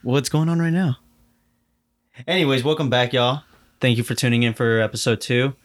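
A man's voice: mid-range voice, fairly even intonation, moderate pace. A man hosting a podcast, bantering in an easygoing, joking way. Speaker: podcast host. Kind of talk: casual chat.

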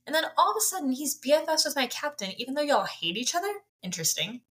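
A woman voicing a cruel, scheming male king with a mocking, drawn-out sarcastic manner while recapping a book. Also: high voice, big pitch swings, fairly bright tone, voice pushed up. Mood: sneering. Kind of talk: casual book-club recap acting out scenes.

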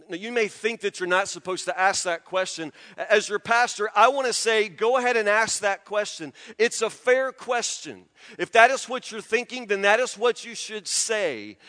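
A man preaching a sermon as a pastor, emotional and halting, stammering through restarts and dropping from loud appeals to hushed confessions. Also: sits high, big-room sound.

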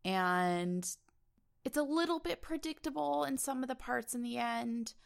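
A woman's voice: on the high side, measured pace, vocal fry. A woman co-hosting a casual film review podcast, animatedly retelling scenes in detail. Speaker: podcast co-host.

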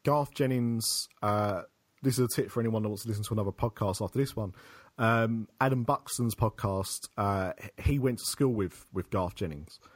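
A man with a lowish voice talks easily with a friend, stumbling through restarts and fillers as he gathers his thoughts. The recording is dry, with no room echo. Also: moderate pace. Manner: conversational, hesitant with restarts and fillers. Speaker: podcast co-host. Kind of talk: casual chat.

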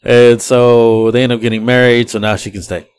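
A man, hosting a podcast and telling rambling, animated stories about his rides as an Uber driver, laughing often as he goes. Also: medium pitch, normal speed, clear, resonant tone. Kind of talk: casual podcast storytelling.

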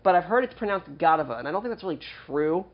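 Talking in a small studio, this male podcast host has a high-pitched, expressive voice and pokes fun at himself with fast, jokey promo talk. The audio is dull.

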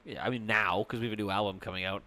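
A man's voice: lowish voice, fairly even intonation, racing, bright, forceful tone. A man in a band, teasing and playfully defensive in casual banter. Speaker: band member.

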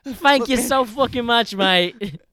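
A man doing a shrill, giddy British lad. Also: slow, bright, forceful tone, full character voice. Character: excitable young British man, swearing cheerfully.

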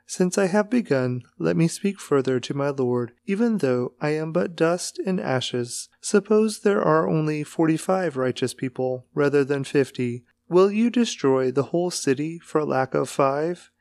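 A man's voice: a little high, lively intonation, unhurried, vocal fry, hardly any pauses, a little mellow, no room sound. A man reading as a humble old patriarch. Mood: pleading. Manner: humble, pleading. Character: elderly male patriarch pleading humbly.

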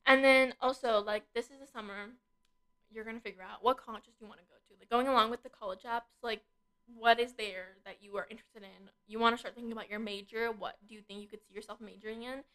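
A teenage girl co-hosts a casual advice chat about college prep, speaking into a desk microphone and dropping "like" constantly. Her voice is fairly high and fairly bright, with fairly even intonation and a quick pace.

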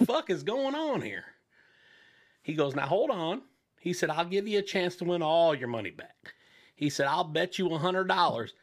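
A man hosting a radio show with a slightly higher voice, talking loosely and profanely. He rambles through a crude joke and voices its characters as he goes. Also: a bit bright. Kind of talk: casual crude joke-telling chat.

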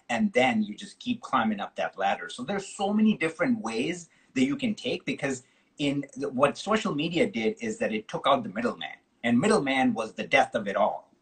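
A man's voice: medium pitch, low-quality recording. A man hosting a casual interview, talking with energy and plenty of slang, often calling people dude. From Chicago. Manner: enthusiastic, slangy, says dude a lot. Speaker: podcast host.

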